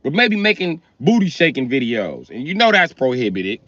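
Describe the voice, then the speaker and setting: A man's voice: mid-range voice, moderate pace, no echo. Middle-aged dude ranting on his stream, crude and blunt, voice jumps all over, kinda dull dry mic. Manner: blunt, crude, heated and lively. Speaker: livestreamer. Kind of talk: profane comic rant on a livestream.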